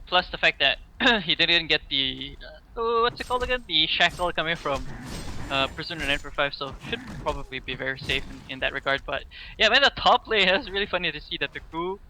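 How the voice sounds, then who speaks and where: A male color caster breaks down the plays in a loose, filler-heavy ramble. His voice is very bright and slightly high. A faint hiss sits behind him. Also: low-quality recording. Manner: casual, rambling analysis with many fillers. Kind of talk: esports color commentary.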